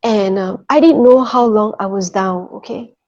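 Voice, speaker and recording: A woman's voice: medium pitch, moderate pace, darkish tone. A middle-aged woman telling a personal faith testimony in an earnest way, often checking in with her listeners. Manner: earnest, checks in with listeners, many repeated "okay" and "you know". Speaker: testimony speaker. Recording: muffled lo-fi recording.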